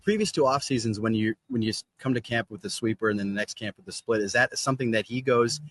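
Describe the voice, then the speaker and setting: A man interviewing a player, asking quick, probing questions. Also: mid-range voice, fairly bright tone, a little hiss or hum.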